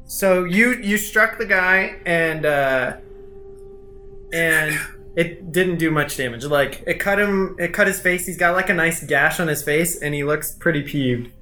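Bright-voiced game master, full of fillers. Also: male voice, fairly high pitch, unhurried, soft background music. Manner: hesitant, filler-heavy, laughs often. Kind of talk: narrating a tabletop game.

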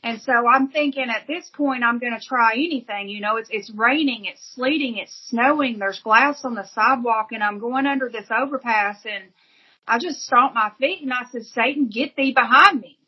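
A woman's voice: fairly high pitch, moderate pace, husky, highs cut off. A woman giving an earnest, emotional personal testimony as an interview guest, telling her story vividly.

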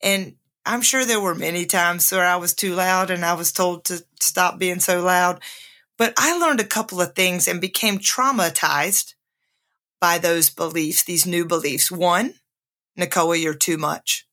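A middle-aged woman hosts her own podcast, speaking in a low-leaning, bright, forceful voice without hurrying. In a casual monologue she tells a candid personal story and laughs often.

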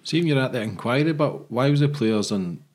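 A man's voice: mid-range voice, lively intonation, fairly quick, darkish tone. A man hosting a podcast, asking direct, probing questions. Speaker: podcast host.

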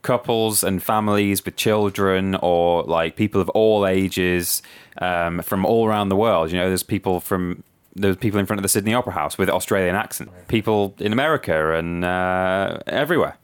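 A man co-hosting a casual podcast. His voice is very low, and he talks in an easygoing, chatty way. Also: normal speed, smooth. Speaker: podcast co-host.

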